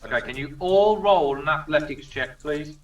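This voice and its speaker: Man, dungeon master, casual chatty narration, slightly high voice, distant lo-fi sound. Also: moderate pace. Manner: chatty, swears freely, loose rambling narration. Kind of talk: narrating a tabletop game, casual. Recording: distant roomy lo-fi recording.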